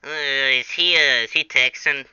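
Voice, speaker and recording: A man voicing tiny yellow creatures that babble excitably in squeaky voices. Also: measured pace, clear, resonant tone, no room sound, lo-fi sound. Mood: giddy.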